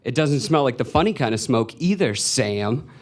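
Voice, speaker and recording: A man's voice: mid-range voice, lively intonation, normal speed, slight background noise, natural voice. A man imitating his suspicious mother as she stammers questions at her adult son.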